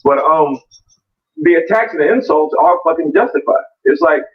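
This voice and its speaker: A man's voice: a little high, sing-song, normal speed. A man arguing his turn in an online debate, blunt and heavily profane, with many restarts and fillers. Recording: distant, muffled call audio.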